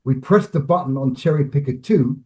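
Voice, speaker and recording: A man, a film director and actor, telling animated stories about a shoot in an interview, restarting phrases as he acts out scenes. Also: mid-range voice, moderate pace. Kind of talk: animated anecdotal storytelling.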